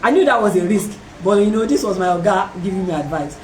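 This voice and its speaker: A woman hosting a talk, telling a personal story in a lively way and acting out the voices of other people. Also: mid-range voice, fast, a little hiss or hum. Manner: animated, acts out voices in her story, laughs often. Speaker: host. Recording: roomy and distant from the mic.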